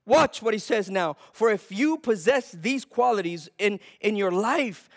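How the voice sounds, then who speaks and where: A man's voice: high-pitched, expressive, a little slow. A man preaching a sermon, explaining scripture and building to fervent emphasis, often asking questions and answering them himself. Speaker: pastor.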